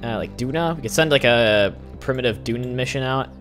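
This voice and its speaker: A man's voice: medium pitch, a little fast, fairly bright tone. A young man hosting a gaming channel, rambling through chatty let's play commentary and filling the silence with asides. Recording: game music playing underneath.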